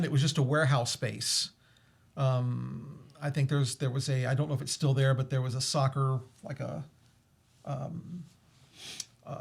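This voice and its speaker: Chatty man telling a ghost story. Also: fairly high pitch. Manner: animated, laughs often, many fillers and restarts. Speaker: host. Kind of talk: casual storytelling.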